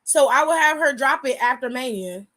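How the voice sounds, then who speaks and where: A woman co-hosting a show aftershow in casual chat, animated and profane, often laughing as she talks. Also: sits high, moderate pace. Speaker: aftershow co-host.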